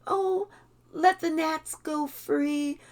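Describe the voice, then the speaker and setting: A woman's voice: high-pitched, steady tone, drawn-out words, pitched above the performer's own voice. A woman putting on a fake, syrupy granny voice. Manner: sugary, fluttery, faint-sounding. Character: fake sweet grandmotherly woman, secretly vicious.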